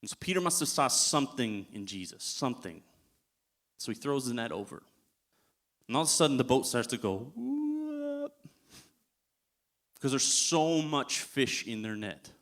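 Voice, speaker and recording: A male guest preacher tells the story in a relaxed, conversational way and chuckles often as he goes. His voice sits at an everyday middle pitch, recorded in a church. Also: moderate pace. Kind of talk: sermon.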